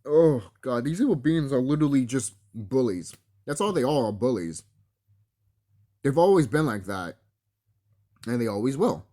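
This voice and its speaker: A man's voice: mid-range voice, sing-song, moderate pace, long pauses, warm tone. A man delivering a solo spiritual rant to camera, profane and confrontational, talking straight at his enemies and laughing between threats. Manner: breaks into laughter, mimics others in quotes. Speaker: vlogger.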